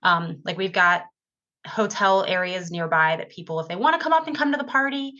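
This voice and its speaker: A woman chats as a podcast guest over a video call. She rambles through her stories with a bright, forceful edge. The sound is dull and lo-fi, like compressed call audio. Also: a little fast. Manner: chatty, rambling, acts out quoted dialogue with big pitch jumps. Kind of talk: casual storytelling interview.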